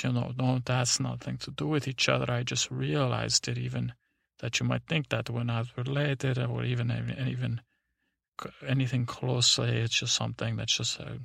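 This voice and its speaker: Halting, gravelly Eastern European superheroine, put on by a man, broken English, husky tone, dry close sound. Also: mid-range voice, flat delivery, fairly bright tone, no room sound, heavily acted. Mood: rambling. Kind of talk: sleep story character voice.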